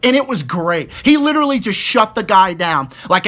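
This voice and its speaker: A man's voice: sits high, big pitch swings, a little fast, hardly any pauses, sharp tone. A young man ranting about annoying people at work, exasperated, swearing heavily and stumbling over repeated words. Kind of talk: profane casual rant.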